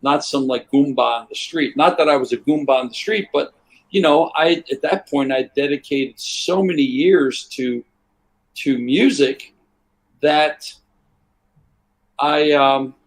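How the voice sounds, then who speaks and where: Husky older man telling stories. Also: mid-range voice, measured pace. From United States. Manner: rambling, acts out voices in his stories. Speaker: guest. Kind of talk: relaxed anecdotal storytelling.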